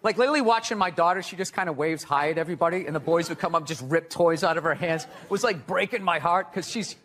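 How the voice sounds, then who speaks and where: A man who is a comedian and talk show guest, telling profane stories in a blunt, animated way. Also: a little high, fast talker. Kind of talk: profane ranting comedy and chat.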